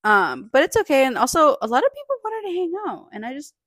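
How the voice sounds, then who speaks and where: A woman's voice: sits high, quick pace, no room sound. Laid-back young woman chatting. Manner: relaxed, rambling, many fillers. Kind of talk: casual chat.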